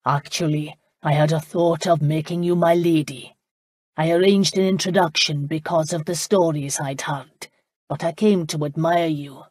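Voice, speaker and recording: A woman narrator voicing a proud, commanding Scottish laird with a genteel, rolling accent and a measured, lordly manner. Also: low voice, steady tone, darkish tone, no echo, studio quality. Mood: reproachful.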